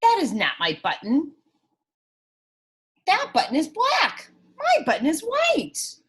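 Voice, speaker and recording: Woman voicing Toad, high and fussy. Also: wildly swooping pitch, slow pace, a bit bright, exaggerated voice. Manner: cries out in a high, upset voice. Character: fussy upset male toad, storybook character.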